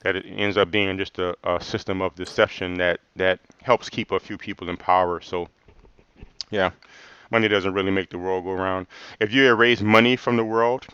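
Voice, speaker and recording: Chill guy rambling thru live comments, lowish voice, dry dull lo-fi mic. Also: steady tone, normal speed, sharp tone, clear, resonant tone, no echo. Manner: loose and rambling, laughs often, says "man" a lot. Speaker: channel host answering live comments. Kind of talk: casual livestream chat.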